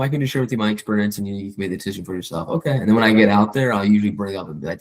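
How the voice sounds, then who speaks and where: A man with a fairly low, husky voice talks at a rapid clip. He coaches a colleague in a loose, conversational way and jumps into quick acted-out bits of client calls. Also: poor audio. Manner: fast, animated, acts out client calls in quoted voices. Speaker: real estate agent coaching a colleague. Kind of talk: casual coaching chat.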